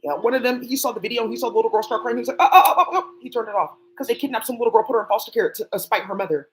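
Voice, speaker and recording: On a solo livestream, a woman rambles and swears as she hops from topic to topic. Her voice is fairly high and very fast, and the recording is rough.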